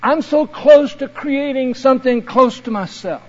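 A proud, tender male Creator, as a preacher puts him on, spoken with emphatic earnestness. The voice sits high and moves slowly. It rings out in a long hall echo on a dull recording. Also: darkish tone, husky, heavily acted. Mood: fervent. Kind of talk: sermon.

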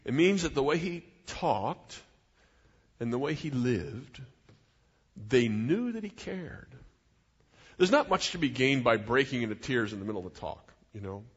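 A man's voice: mid-range voice, sing-song, unhurried, husky. A middle-aged man preaching a sermon as a pastor, in an earnest, conversational way with personal asides. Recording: dull sound in a reverberant hall.

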